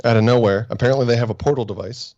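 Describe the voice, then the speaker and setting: A man's voice: medium pitch, fairly even intonation, racing, darkish tone, no room sound, dull audio. A man co-hosting a fan review podcast, chatting casually in a laid-back, teasing way. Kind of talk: casual chat.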